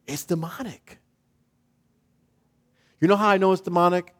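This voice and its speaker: A man preaching a sermon in a casual, animated way, full of slang, repetition and asides to the congregation. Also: high-pitched, normal speed.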